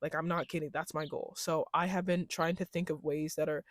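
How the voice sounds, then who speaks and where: This young woman vlogger has a deep voice and talks fairly quickly while telling a slangy, lively story. Frequent laughter and loud mocking voices mark her quotes of other people, and the studio recording is clean and dry.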